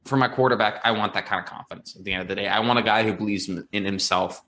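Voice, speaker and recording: Emphatic low-voiced man with a bright edge. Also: steady tone, rapid-fire. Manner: earnest, emphatic, fillers like "um" and "like". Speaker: podcast co-host, football fan. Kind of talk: casual sports podcast talk.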